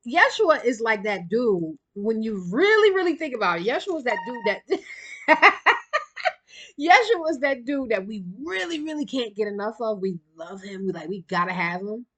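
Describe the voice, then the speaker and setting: A woman's voice: fairly high pitch, sing-song, a bit bright. A woman giving a casual spiritual card reading, chatty and rambling, and a little out of breath. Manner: chatty, rambling, quick bursts of laughter. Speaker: tarot card reader.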